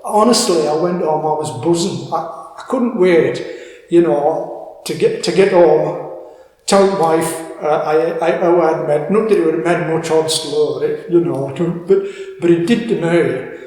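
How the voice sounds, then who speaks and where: Older man, Cumbrian accent, interview storytelling, halting, repeats words, heavy room echo. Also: fairly high pitch, darkish tone. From Cumbria, England. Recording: echoey room with long reverb.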